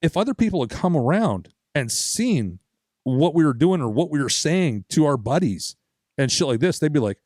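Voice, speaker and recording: A man's voice: on the high side, big pitch swings, normal speed, a little mellow, no room sound, studio quality. A man co-hosting a casual podcast, telling a story with plenty of swearing and quoted voices. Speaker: podcast co-host. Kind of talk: casual chat.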